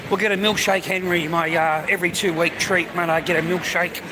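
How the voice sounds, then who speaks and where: A man's voice: sits high, little pitch movement, brisk. A man chatting casually on a live stream as he walks around a shopping area, calling everyone "mate". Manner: chatty, says "mate" often. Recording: street and traffic noise.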